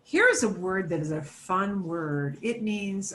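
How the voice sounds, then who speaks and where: A woman's voice: fairly low pitch, expressive, normal speed, few pauses, a bit bright, roomy sound, a little hiss or hum. A woman teaching an online Spanish class for beginners, patiently modelling words for students to repeat.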